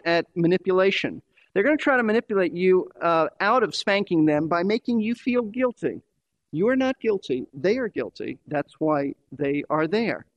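High-voiced emphatic male preacher. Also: no echo. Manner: emphatic, repeats key phrases for stress. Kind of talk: sermon.

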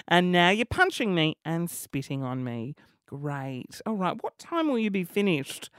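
A young Australian man hosting a solo comedy podcast, rambling along with plenty of self-mockery. His voice is lively and jumps around in pitch. The sound is close and dry, with no room echo. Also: unhurried, clear, resonant tone. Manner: rambling, self-mocking, animated. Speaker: podcast host.

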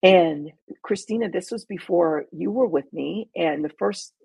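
Gravelly, husky-voiced woman telling a story. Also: on the low side, a little slow, no room sound. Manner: animated storyteller, restarts and emphatic asides. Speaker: talk show host and panelist. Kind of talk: casual storytelling chat.

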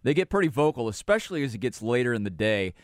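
A man's voice: medium pitch, sing-song, quick pace, dry recording. Chatty male radio host, dry sound. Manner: chatty, laughs easily. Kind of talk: casual radio interview.

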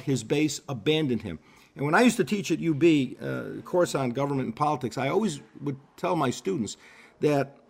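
An older man, a political commentator explaining events in a measured, explanatory way on a radio interview. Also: a little high, a little mellow. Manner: measured, explanatory, with repetitions and fillers.

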